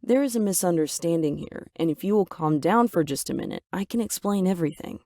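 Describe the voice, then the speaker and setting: A woman voicing a calm, wise mother in a storybook tale, speaking in a composed way. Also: fairly low pitch, a little fast, dry recording, clean studio sound.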